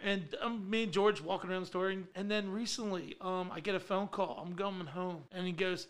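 A man's voice: high voice, moderate pace, fairly bright tone. A young man co-hosting a podcast, telling a prank call story animatedly and acting out the callers. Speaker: podcast co-host.

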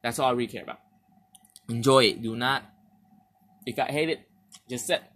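Young guy on a homemade podcast telling a crazy dream, slangy and rambling, keeps jumping from yelling high to muttering low. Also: normal speed. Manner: animated retelling that acts out his own reactions with big jumps in pitch and loudness; rambling slangy delivery with restarts. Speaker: podcast host. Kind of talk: casual dream storytelling monologue.

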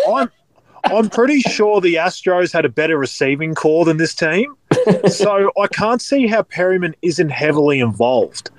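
A man's voice: sits high, huge pitch swings, a little slow, no room sound. A man, a podcast guest talking in a casual, cheeky way. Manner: cheeky, laughs between lines.

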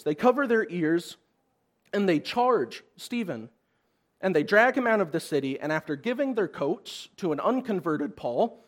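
A young man preaching a sermon as a guest speaker, earnest, voicing pleas with rising intensity. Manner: earnest, rises in pitch and force on acted-out pleas.

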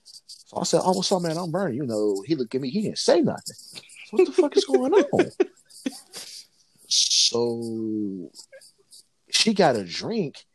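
A man in casual chat, telling profane, animated stories as a co-host. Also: mid-range voice, takes it slowly, pauses often, breathy edge. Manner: animated, profane, lively storyteller.

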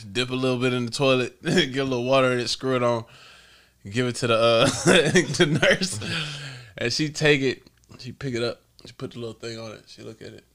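A man's voice: mid-range voice, brisk, fairly bright tone. A man hosting a podcast, telling stories casually, laughing often and swearing freely. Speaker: podcast host. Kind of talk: casual storytelling.

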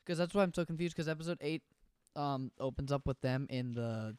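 A man co-hosting a casual chat recap of an anime, blunt and opinionated and quick to swear. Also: medium pitch, darkish tone, smooth, dry recording, clean studio sound. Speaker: podcast co-host.

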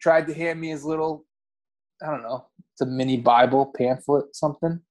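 A man's voice: fairly high pitch, steady tone, moderate pace, darkish tone. A man co-hosting a podcast, telling rambling, profane stories in casual chat and often correcting himself. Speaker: podcast co-host.

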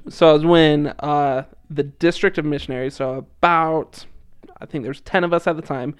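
Young man, slightly high voice, chatty storyteller, laughing often, dry close sound. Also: steady tone, moderate pace, clear, resonant tone, no room sound. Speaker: podcast guest, returned missionary. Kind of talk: casual storytelling.

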